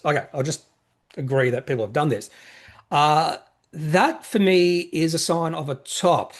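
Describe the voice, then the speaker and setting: Male host, casual market commentary, slightly high-pitched, rambling and self-correcting. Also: normal speed, husky. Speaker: investing channel host. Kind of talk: casual market commentary, reading viewer questions.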